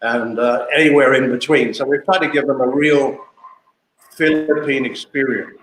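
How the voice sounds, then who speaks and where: A man's voice: mid-range voice, steady tone, normal speed, a bit bright, a little hiss or hum. Older interview guest from South Africa, man in his sixties, anecdotal and talkative, recorded in a roomy space. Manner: chatty, anecdotal, repeats himself. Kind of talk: casual storytelling interview. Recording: echoey room.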